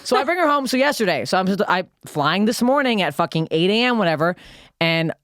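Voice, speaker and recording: Young canadian woman ranting a story on a podcast, talks super fast, dry close mic. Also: medium pitch, no room sound. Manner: fast, profane, animated storytelling. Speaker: podcast co-host. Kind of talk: casual storytelling chat.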